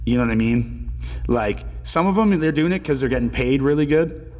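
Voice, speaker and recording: A man in his twenties, a pro hockey player telling stories as a podcast guest in a relaxed, filler-heavy way and swearing casually. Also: mid-range voice, normal speed, long reverb tail. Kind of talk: casual storytelling interview.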